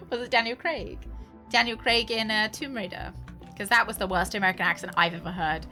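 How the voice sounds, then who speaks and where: Woman gamer streaming: chatty, bright, higher-pitched. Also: moderate pace, soft background music. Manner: chatty, laughing, thinking aloud. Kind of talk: casual gameplay commentary.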